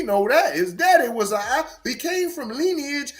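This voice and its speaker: Guy w/ doing a live podcast rant, voice jumps all over, slow drawn-out talk, faint music under it. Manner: animated, repeats words, swings between loud outbursts and low asides. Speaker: podcast host. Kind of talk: live-stream commentary, reading chat.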